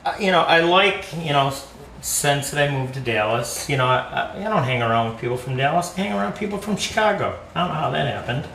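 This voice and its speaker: Chatty man, bright voice in an echoey kitchen. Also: on the high side, fairly quick, creaky, a little hiss or hum. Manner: chatty, jokey storyteller with animated quoted voices. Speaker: podcast co-host. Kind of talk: casual chat while cooking. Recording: echoey room, distant mic, faint ambience.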